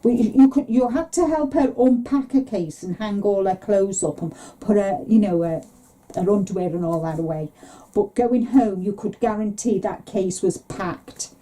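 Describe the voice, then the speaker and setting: Very dark-voiced woman chatting. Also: normal speed. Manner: chatty, rambling, mimics relatives in a higher voice. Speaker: podcast co-host. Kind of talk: casual chat.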